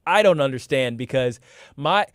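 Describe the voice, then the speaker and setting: A man's voice: mid-range voice, expressive, moderate pace, no room sound, clean studio sound. A man co-hosting a morning radio show, joking and laughing through casual banter. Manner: laughing, teasing. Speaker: radio co-host.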